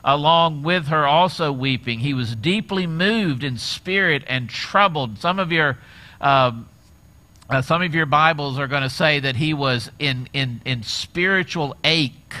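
Male pastor, middle-aged, animated sermon storytelling, crisp forceful tone. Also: fairly high pitch, measured pace. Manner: animated storytelling, acts out quoted voices.

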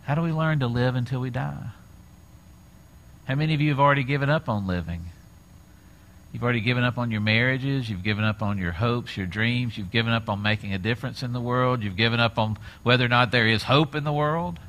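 Bright-voiced man preaching a sermon. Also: mid-range voice, fairly quick. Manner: animated storytelling, acts out quoted voices. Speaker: pastor.

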